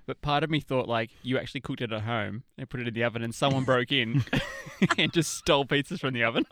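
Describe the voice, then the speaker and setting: A man's voice: mid-range voice, fast, fairly bright tone, no echo. A man co-hosting a casual podcast chat, laughing often and joking around. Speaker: podcast co-host.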